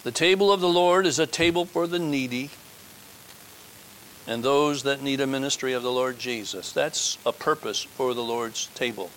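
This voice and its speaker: A man's voice: mid-range voice, moderate pace, a bit bright, a little hiss or hum, low-quality recording. A man preaching a communion sermon, stressing his points by repeating key phrases and building to fervent appeals.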